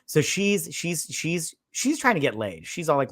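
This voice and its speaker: A man's voice: medium pitch, animated, a bit bright. Rambling, crude male movie reviewer. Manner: rambling, crude, jokey, acts out characters in quick asides. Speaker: podcast co-host. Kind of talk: casual drunk movie review chat.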